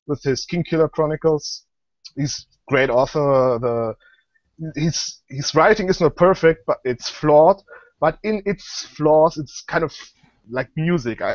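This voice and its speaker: Speaking with a mid-range voice and no echo, a young guest author whose first language is German chats in a relaxed online interview. The video call audio is dull, and he comes across as hesitant, often restarting and leaning on fillers.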